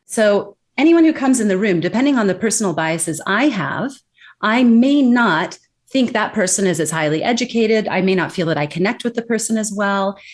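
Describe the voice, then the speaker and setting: An American woman explaining workplace communication in an emphatic, animated interview style. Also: mid-range voice, normal speed. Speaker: accent and communication expert guest. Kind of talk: interview answers.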